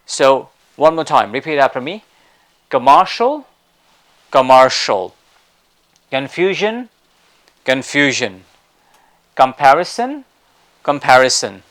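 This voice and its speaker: A man teaching English pronunciation in a spoken lesson, breaking words into slow syllables and having listeners repeat after him. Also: medium pitch. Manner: slow syllable-by-syllable drilling, louder on sounds.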